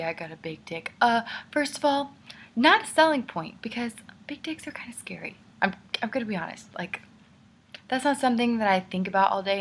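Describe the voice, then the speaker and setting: A woman's voice: mid-range voice, fairly bright tone, slight background noise. A young woman ranting candidly in a casual video letter to a friend, often dropping to a whisper. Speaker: vlogger.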